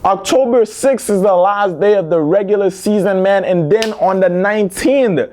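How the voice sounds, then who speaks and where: Animated slangy football vlogger man. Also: high voice, normal speed, a little hiss or hum. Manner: animated, slangy, talks straight to viewers. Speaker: football news host. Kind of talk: casual football news commentary.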